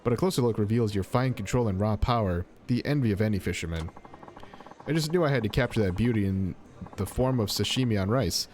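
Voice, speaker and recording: A man's voice: lowish voice, darkish tone, a little hiss or hum, natural voice. A man reading out a boastful, impulsive middle-aged sushi chef from a video game in a hearty, self-assured way. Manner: hearty, self-assured, prone to grand pronouncements. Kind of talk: reading game dialogue aloud.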